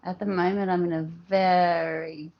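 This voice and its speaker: A woman's voice: fairly low pitch, level tone, moderate pace, highs cut off. A woman from Australia with an Australian accent, chatting casually and affectionately on a live stream from home, greeting viewers one by one. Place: at home, indoors.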